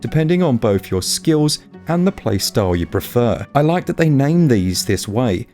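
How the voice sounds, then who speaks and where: A man's voice: medium pitch, big pitch swings, normal speed, warm tone, soft background music. Upbeat man reading a game review. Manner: enthusiastic, wry asides. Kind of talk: scripted review narration.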